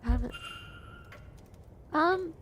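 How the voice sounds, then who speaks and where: A woman's voice: high-pitched, expressive, slow pace, muffled recording, a little hiss or hum. A young woman streamer chatting casually as she plays a game, rambling and answering chat with laughs. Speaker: VTuber streamer.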